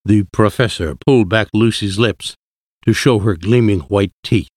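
A man narrating a storybook in a slow, measured, clear reading. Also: fairly low pitch, darkish tone, no echo, clean studio sound.

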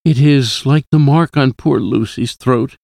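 A man voicing a shaken young male doctor who narrates, urgent and rising in pitch. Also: a little slow, gravelly, darkish tone, no room sound, studio quality. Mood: alarmed.

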